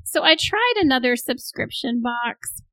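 Brief: female co-host, teasing and jokey, a bit high with vocal fry, dry recording. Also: big pitch swings, a little slow, pushed and bright, no room sound, low-quality recording. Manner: playful, teasing, jokey sympathy. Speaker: podcast co-host. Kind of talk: casual chat.

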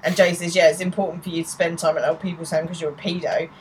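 A woman's voice: fairly low pitch, fast talker, heavy background noise. A woman in her thirties, casually narrating show scenes as a podcast co-host and quoting the characters' lines. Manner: narrates scenes, quotes lines in lively put-on voices. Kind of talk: casual recap chat.

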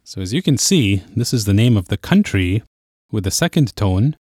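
A man's voice: on the low side, sing-song, normal speed, a little mellow, breathy edge, no echo, studio quality. A man teaching a podcast language lesson, explaining patiently step by step.

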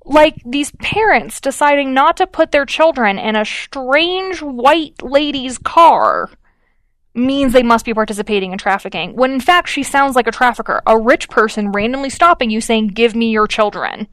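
A woman's voice: high voice, animated, normal speed, a bit bright, no echo. A woman co-hosting a podcast, telling a story in a chatty way with lots of fillers and acted-out quotes. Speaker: podcast co-host. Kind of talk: casual chat.

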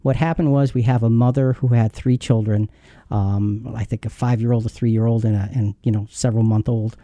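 A man's voice: mid-range voice, warm tone, no room sound, clean studio sound. A man in his fifties hosting a Bible teaching show, telling a painful story in a heartfelt, earnest way. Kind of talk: earnest devotional talk.

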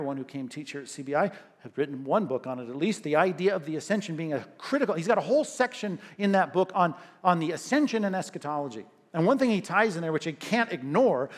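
A man preaching a sermon in an animated, conversational way, often checking in with "right?". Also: sits high. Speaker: pastor.

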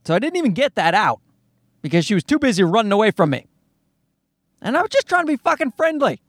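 A man's voice: sits high, very animated, fast, dry recording, studio quality. A man, likely in his thirties, telling a comic story as a profane, exasperated rant.

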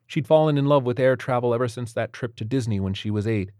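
A man narrating an audiobook in a steady, even storytelling manner. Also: medium pitch, fast talker, no room sound, clean studio sound.

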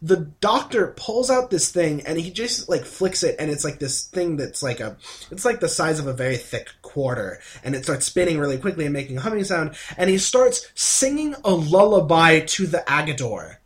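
A man co-hosting a podcast, recapping an episode in an excitable, gushing way and acting out the characters' lines. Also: fairly high pitch, normal speed. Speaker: podcast co-host. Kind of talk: casual podcast chat.

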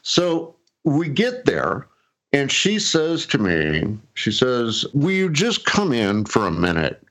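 A man's voice: medium pitch, huge pitch swings, takes it slowly, a bit bright. A middle-aged man casually telling a personal story, rambling with fillers and restarts and chuckling often. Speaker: guest telling his story.

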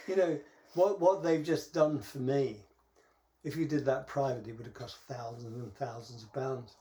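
A middle-aged man with a British accent talks through his stories in a halting, chatty way, chuckling along as he goes. His voice sits at an ordinary middle pitch, and the talk is an easygoing podcast conversation. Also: steady tone, warm tone. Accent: British English. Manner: halting, storytelling, laughs at his own anecdotes. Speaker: podcast co-host. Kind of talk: casual chat.

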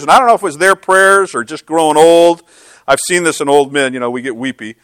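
Male pastor, middle-aged, sermon, conversational storytelling, self-deprecating, slightly high voice. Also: fast, fairly bright tone, clean tone, no room sound.

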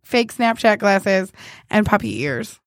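A woman's voice: medium pitch, expressive, slow pace, no echo, studio quality. A young woman co-hosting a casual podcast, laughing often as she reads out dating site messages. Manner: giggly, reading dating messages aloud. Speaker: podcast co-host. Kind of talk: casual chat.

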